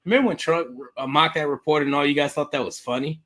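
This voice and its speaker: A man co-hosting a podcast, rambling and animated, telling stories with frequent restarts in casual, profane chat. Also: fairly high pitch, fast. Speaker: podcast co-host.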